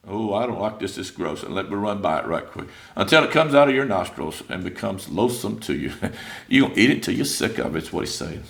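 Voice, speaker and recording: A man's voice: fairly low pitch, big pitch swings, a little fast, vocal fry, a bit bright. A man preaching an informal sermon in a church, chatting through scripture and acting out the voices of biblical figures. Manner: conversational, acts out biblical voices, many fillers.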